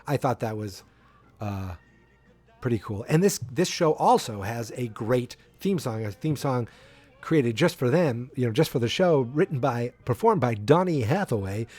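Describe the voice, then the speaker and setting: A man's voice: mid-range voice, animated, normal speed, darkish tone, breathy edge, faint music behind. A man hosting a podcast who gives a casual, rambling recap of a sitcom episode, full of fillers and restarts. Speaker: podcast host.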